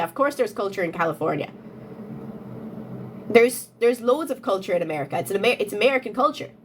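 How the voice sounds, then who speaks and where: A woman's voice: fairly high pitch, fairly bright tone, slight background noise. A young woman talking to her phone camera, questioning commenters insistently with repeated rhetorical questions. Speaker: content creator answering comments. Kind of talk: casual talk-to-camera rant.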